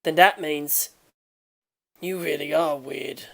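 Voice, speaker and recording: An uneasy, puzzled teenage boy asks his questions in a low, subdued voice, as a woman reads him. He talks quietly and sounds wary throughout. The reading comes from a fan audiobook. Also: steady tone, takes it slowly, creaky, full character voice.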